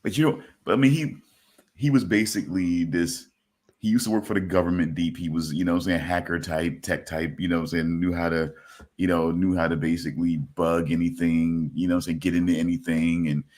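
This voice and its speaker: A man's voice: sits low, steady tone, fairly quick, a little mellow. A man on a live stream rambling through a story with lots of fillers. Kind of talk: casual banter on a live stream. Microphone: video call.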